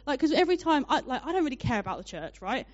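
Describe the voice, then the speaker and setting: A young woman preaching a sermon, telling a personal story in a chatty, animated way with many fillers. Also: sits high, quick pace. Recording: dull lo-fi sound.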